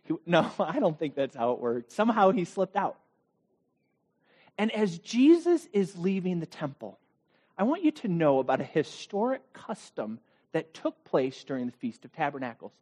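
A man preaching a sermon, telling the story dramatically with rhetorical questions and swings between loud bursts and quiet asides. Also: a little high, sing-song, normal speed. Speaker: pastor.

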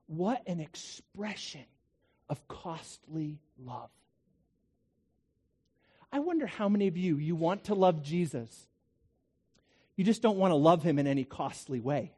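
A man's voice: a little high, very animated, unhurried, pauses often, mellow, slightly rough. A man preaching a sermon to a congregation, talking in a conversational way with rhetorical questions and asides. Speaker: pastor.

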